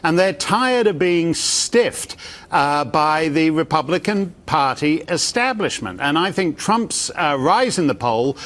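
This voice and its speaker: A man's voice: fairly high pitch, big pitch swings, unhurried, fairly bright tone. A man appearing as a columnist guest on a news interview, giving articulate, sardonic commentary.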